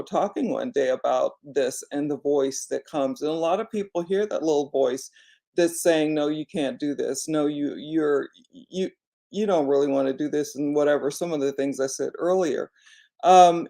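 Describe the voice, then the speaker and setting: A woman's voice: sits low, warm tone. A woman talking casually to her viewers as an online business coach, encouraging them and speaking with many "you know" fillers. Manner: encouraging, addresses viewers directly. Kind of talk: casual reflective vlog talk.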